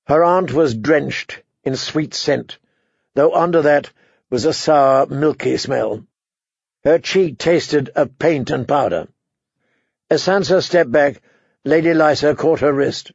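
A man reading a novel aloud as audiobook narrator, in a measured, even storytelling manner. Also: a little high, creaky, slightly rough, dry recording, dull audio. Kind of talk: scripted narration.

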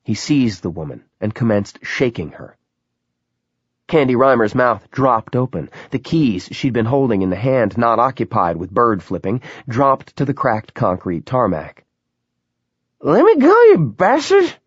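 A man narrating a novel in a lively, dramatic reading. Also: lowish voice, measured pace, slightly rough, dry recording. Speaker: audiobook narrator. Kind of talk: scripted narration. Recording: dull, lo-fi sound.

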